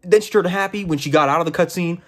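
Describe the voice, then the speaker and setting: A man's voice: a little high, fast talker. A young man giving casual game commentary, exasperated and profane, often incredulous. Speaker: game reviewer.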